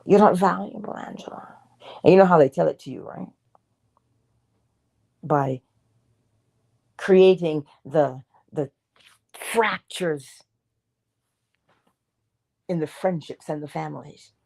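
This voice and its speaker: A woman's voice: sits low, slow pace, vocal fry, long pauses, mellow. A woman giving an inspirational morning talk in an emphatic, preacher-like way, sometimes dropping to a whisper. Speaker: motivational speaker.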